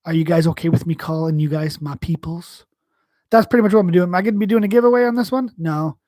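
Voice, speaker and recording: A man's voice: high voice, quick pace, darkish tone, dry recording, studio quality. A man from New York hosting a live stream, chatting casually and answering chat in a rambling, profane, slangy way. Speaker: livestream host.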